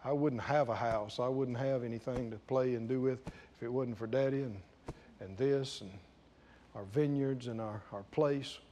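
A man voicing a hushed, remorseful young son. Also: fairly even intonation, normal speed, slight background noise, lightly acted. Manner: low, hushed, murmured to himself. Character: remorseful young man, regretting his defiance. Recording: long echo of a large hall.

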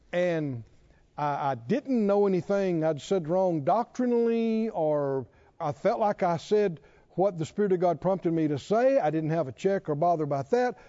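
Male preacher, high lively voice that climbs and dips, muffled lo-fi sermon recording, fires rhetorical questions at the room. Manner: asks the congregation pointed rhetorical questions.

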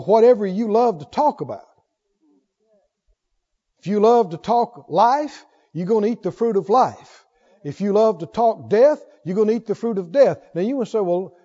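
A male preacher giving an emphatic sermon, moving between loud declarations and quiet reasoning, on a dull lo-fi recording. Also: high voice, big-room sound.

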